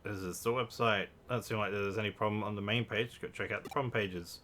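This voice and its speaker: A man's voice: fairly low pitch, fairly even intonation, a little fast, pushed and bright, slight background noise. A man rambles through casual let's-play commentary, correcting himself mid-sentence and cracking jokes. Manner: rambling, self-correcting, joking asides. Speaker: game streamer.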